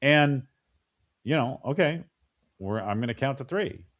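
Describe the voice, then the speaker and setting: A man's voice: mid-range voice, lively intonation, measured pace. A middle-aged man in a casual interview, talking animatedly with frequent restarts and acting out voices of parents and kids. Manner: frequent restarts and repeated words. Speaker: podcast guest.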